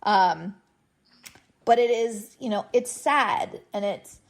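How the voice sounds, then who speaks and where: A woman in her thirties telling stories in a casual podcast chat, animated and laughing often. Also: medium pitch, slow pace. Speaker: podcast guest.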